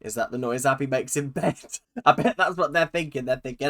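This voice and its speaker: A British woman hosting a casual reaction video, sarcastic and expressive, swearing freely as she comments. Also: rumbling low, brisk, few pauses. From United Kingdom.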